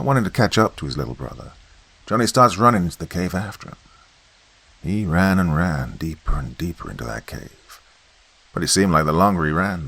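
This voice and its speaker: A man narrating a horror story in a folksy campfire manner, swinging between loud and hushed delivery. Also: sits low, vocal fry, slightly rough.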